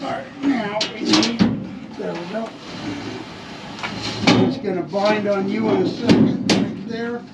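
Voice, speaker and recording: A man's voice: high-pitched, slow, creaky, long pauses, heavy background noise. A man casually talking viewers through each step of a hands-on repair job. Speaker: vlogger working on his RV. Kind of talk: casual work narration to camera. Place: workshop area around a vehicle frame.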